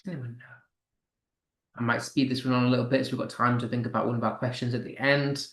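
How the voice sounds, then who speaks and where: A man's voice: mid-range voice, little pitch movement, fast talker, a bit bright. British male teacher, encouraging, stresses verse, echoey room. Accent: British English. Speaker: English teacher. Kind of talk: live online lesson.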